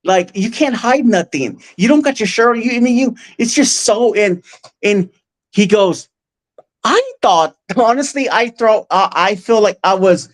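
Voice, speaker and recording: Man, earnest, emotional, halting speech, lots of restarts, close mic. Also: high-pitched, expressive. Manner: halting, full of restarts and fillers. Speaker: guest. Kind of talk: casual personal storytelling. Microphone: close podcast mic.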